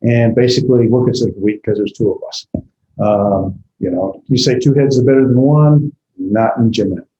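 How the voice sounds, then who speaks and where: A man's voice: mid-range voice, moderate pace, warm tone, echoey room, highs cut off, a little hiss or hum. A man teaching a class in a rambling way, with many fillers and restarts, tired after a long day. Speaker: instructor. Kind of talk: classroom lecture.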